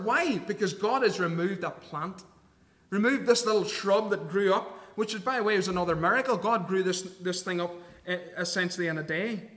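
Man preaching, high voice, earnest and emphatic, long reverb of a church hall. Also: normal speed, fairly bright tone. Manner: earnest, emphatic, reads scripture aloud. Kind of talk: sermon.

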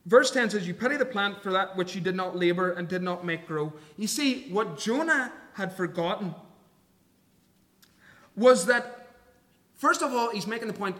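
A man's voice: sits high, animated, normal speed, pushed and bright, in a large hall. A man preaching a sermon, earnest and emphatic, reading scripture aloud and explaining it.

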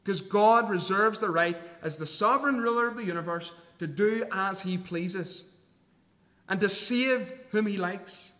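Man preaching, high voice, earnest and emphatic, long reverb of a church hall. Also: a little slow, sharp tone. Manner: earnest, emphatic, reads scripture aloud. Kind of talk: sermon.

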